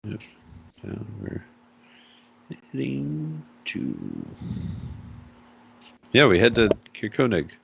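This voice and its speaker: A man's voice: on the low side, lively intonation, moderate pace, gravelly, breathy edge, lo-fi sound. A man playing in a tabletop game, speaking hesitantly and with many fillers. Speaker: player. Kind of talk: casual tabletop play.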